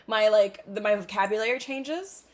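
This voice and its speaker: A woman's voice: mid-range voice, moderate pace. A woman co-hosting a podcast, chatting casually and animatedly while relating to her guest. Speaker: podcast co-host. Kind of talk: casual conversation.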